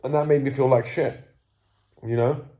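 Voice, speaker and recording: A young man's mid-range, mellow voice stays fairly even at a moderate pace as he vlogs candidly from home, sitting indoors with the camera facing him. A self-improvement coach, he's groggy, coughing and sneezing, rambling and swearing freely while running himself down.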